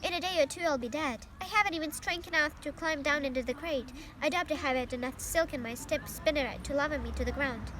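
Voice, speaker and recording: A young woman voicing a wise, gentle female spider who speaks softly and steadily, reading a storybook aloud. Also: high-pitched, fast talker, few pauses, background noise, natural voice. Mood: tender.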